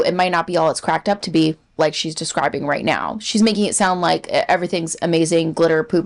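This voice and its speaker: A woman hosting a reaction commentary channel, explaining things in a measured, mildly wry way. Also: lowish voice.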